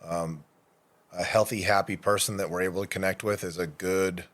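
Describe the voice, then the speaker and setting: A man's voice: low-pitched, steady tone, normal speed, fairly bright tone. A man co-hosting a podcast, laid-back and swearing casually in conversation. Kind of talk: casual chat.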